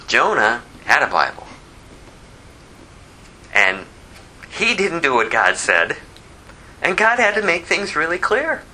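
A man preaching a verse-by-verse sermon, telling the story animatedly and swinging from loud to hushed. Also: on the high side, wildly swooping pitch, takes it slowly, long pauses, slight background noise, low-quality recording. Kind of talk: expository sermon.

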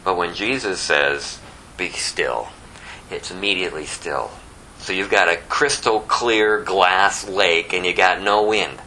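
A man with a low, bright and forceful voice teaches a small Bible study group. He tells the story in a lively way and pushes his voice up in emphatic bursts. A faint hum sits behind him. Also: a little slow, low-quality recording.

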